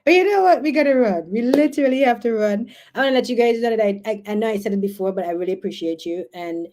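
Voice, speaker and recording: A young woman with a Guyanese accent chats through a casual live stream, excitable and quick to exclaim. Her voice is mellow and warm, never sharp. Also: medium pitch. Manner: chatty, excitable, laughs and exclaims often. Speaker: livestream host.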